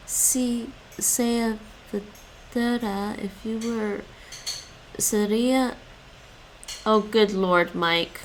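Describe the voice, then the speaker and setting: A woman's voice: a little high, fairly even intonation, extremely slow, long pauses, slight background noise, low-quality recording. A woman streaming her language study, thinking aloud, correcting herself and explaining grammar as she goes.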